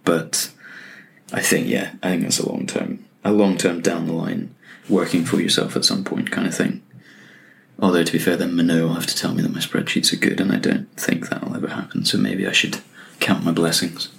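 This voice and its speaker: A man's voice: low-pitched, fairly even intonation, moderate pace, creaky, fairly bright tone. A young man hosting a solo podcast, telling stories in a wry, self-deprecating way. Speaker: podcast host. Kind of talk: solo casual podcast chat.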